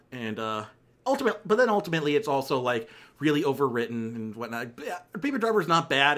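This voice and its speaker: A film reviewer runs through a countdown of bad movies in a casual, rambling, sardonic way, breaking into exasperated high-pitched outbursts. His voice comes across a bit bright.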